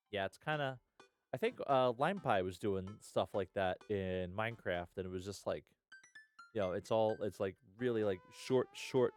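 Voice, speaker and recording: Laid-back low-voiced male streamer. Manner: laid-back, rambling, lots of "uh" and "hell yeah". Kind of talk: casual live-stream chat.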